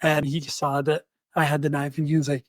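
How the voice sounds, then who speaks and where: Animated man telling a story. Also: on the high side, a little fast, no room sound. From United States. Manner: animated, acts out quoted voices. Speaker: podcast host. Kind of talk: storytelling in conversation.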